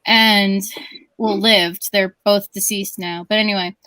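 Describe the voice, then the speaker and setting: A woman's voice: mid-range voice, steady tone, a little slow, pushed and bright, no echo, low-quality recording. A woman co-hosting a stream, telling stories in a rambling, chatty way with many restarts. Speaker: stream co-host. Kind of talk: casual storytelling chat.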